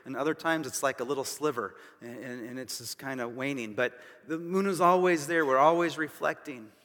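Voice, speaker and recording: Pastor guy giving a sermon, kinda high bright voice, says stuff twice for punch, long echo from the church hall. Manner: emphatic, repeats phrases for stress; casual asides to the congregation. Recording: long reverb of a large hall.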